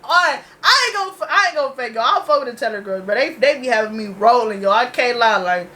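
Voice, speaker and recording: High, bright-voiced young woman ranting casually. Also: lively intonation, quick pace. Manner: loose, profane slang-heavy storytelling. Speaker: reaction video host. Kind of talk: casual reaction vlog.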